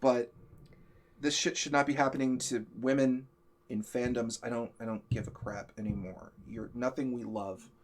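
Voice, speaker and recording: A man's voice: mid-range voice, steady tone, normal speed. A man hosting a live stream, venting in a heated, profane, emphatic rant. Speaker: show host. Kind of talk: ranting live-stream chat.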